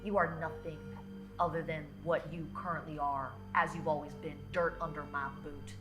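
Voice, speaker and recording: A man's voice: fairly high pitch, little pitch movement, moderate pace, over music, voice pushed down, natural voice. A woman voicing a menacing, arrogant man who sneers and talks down with contempt. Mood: sneering.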